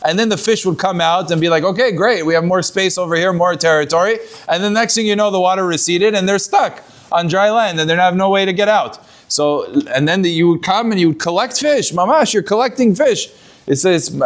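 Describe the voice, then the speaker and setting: A man, a rabbi, giving a weekly Torah talk, telling stories and acting out the people in them, with Hebrew words mixed into his English. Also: high voice. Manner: storytelling, acts out quoted voices, mixes in Hebrew words.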